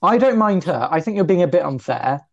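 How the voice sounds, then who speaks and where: Young male co-host, gravelly and mellow, chatty and self-mocking, dull lo-fi sound. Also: a little fast. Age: 20s. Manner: chatty, self-deprecating, lively pitch jumps. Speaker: podcast co-host. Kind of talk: casual chat.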